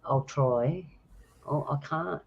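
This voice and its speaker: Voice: medium pitch, takes it slowly, vocal fry, darkish tone, breathy edge. Chatty host with muffled sound. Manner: chatty, laughing, rambling anecdote. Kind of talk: casual chat and storytelling.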